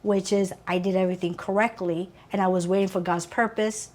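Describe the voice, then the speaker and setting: A woman in her forties speaks in a mid-range voice on a podcast. She talks earnestly, shifts into a preachy tone and stays animated. Her words are full of faith. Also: mid-range voice, brisk. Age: 40s. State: teary, emotional. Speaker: guest author. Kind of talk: faith-filled interview talk.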